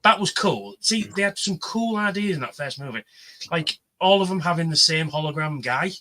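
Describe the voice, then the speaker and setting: A man telling an animated story on a livestream panel, swearing freely and acting out the voices of the people he quotes. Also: fairly high pitch, moderate pace, low-quality recording. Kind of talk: casual chat, storytelling.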